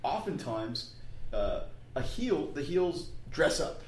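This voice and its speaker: A man's voice: a little high, very animated, slow pace, slight background noise. A man co-hosting a casual chat, rambling and often restarting his sentences. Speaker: podcast co-host. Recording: roomy echo with faint ambience.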